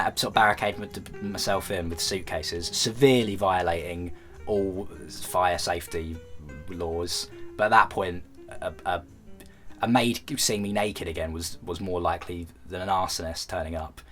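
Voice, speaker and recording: A man's voice: deep voice, normal speed, fairly bright tone, faint music behind. Rambling British man telling a comic story. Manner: rambling, self-deprecating, many false starts. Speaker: vlogger.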